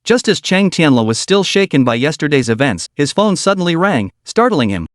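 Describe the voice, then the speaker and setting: A man reading a comic recap story as scripted narration, in a lively storytelling delivery. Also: a little high, fairly quick, dry recording, studio quality.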